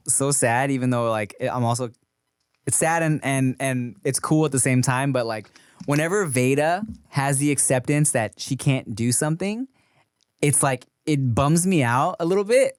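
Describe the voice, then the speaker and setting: A man in his thirties hosts a podcast, rambling through profane anecdotes in an easy, casual way. His voice sits at a middling pitch and sounds close and dry, with no room around it. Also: clean tone, no echo. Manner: loose, profane storytelling with quick asides. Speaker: podcast host.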